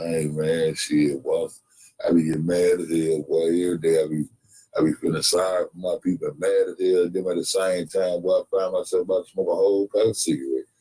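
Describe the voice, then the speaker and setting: Husky, low-pitched man, profane comedic storyteller with a loose delivery. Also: fairly even intonation, fairly quick, warm tone, rough recording. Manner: profane, loose, laughing asides.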